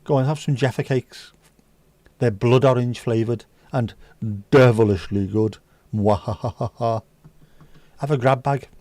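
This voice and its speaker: Male stream host, mid-pitched, cheeky banter, dry close-mic sound. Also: steady tone, moderate pace, mellow, no echo. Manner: cheeky, banter-heavy, swears freely. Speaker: livestream host serving virtual drinks. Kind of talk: casual chat.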